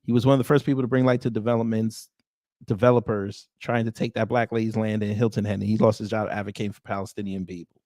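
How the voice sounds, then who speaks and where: A man's voice: lowish voice, flat delivery, fast talker, a little mellow, dry recording. Man drawling wry reaction commentary. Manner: wry, drawling asides between read-out comments. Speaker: reaction video host.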